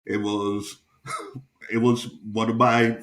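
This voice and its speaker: A man's voice: mid-range voice, level tone, slow, fairly bright tone, roomy sound. A young man and stand-up comedian, hosting a podcast and telling a profane anecdote in a casual, chuckling way.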